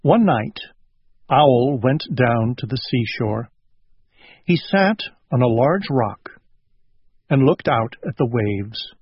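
Male storybook reader, unhurried and gentle, lively pitch; dry, close sound. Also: slightly rough, dry recording. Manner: slow and gentle. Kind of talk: storybook read-aloud. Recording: dull lo-fi recording.

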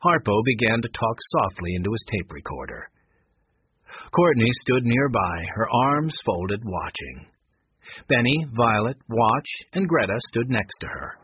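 A man narrating a children's mystery story aloud in an expressive, lively way. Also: medium pitch, unhurried, husky, highs cut off. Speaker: audiobook narrator.

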